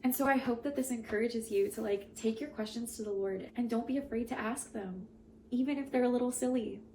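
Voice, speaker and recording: An earnest young woman with a fairly high voice reads scripture aloud, then reflects on it in a chatty, heartfelt way. A faint hiss of room noise sits under her voice. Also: a little fast, warm tone, low-quality recording. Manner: earnest, emotional, chatty asides with "like". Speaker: Bible reading host.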